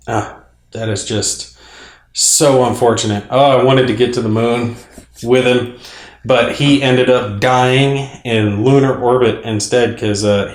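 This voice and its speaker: A man casually explaining his moves in a tabletop space game, rambling with fillers and clearing his throat now and then. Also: on the low side, echoey room. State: clearing throat, a little choked up. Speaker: board game player and channel host.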